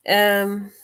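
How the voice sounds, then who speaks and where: A woman's voice: mid-range voice, smooth. Woman, psychic host on a live stream; casual, giggly, rambling. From Australia. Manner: chatty, warm-hearted, laughs often, many fillers and restarts. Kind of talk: live-stream reading, chatting with viewers.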